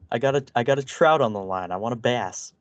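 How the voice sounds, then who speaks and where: A man's voice: mid-range voice, fairly quick, highs cut off. A man co-hosting a podcast, trading crude jokes and mocking impressions, laughing often. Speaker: podcast co-host. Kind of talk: casual comedic commentary.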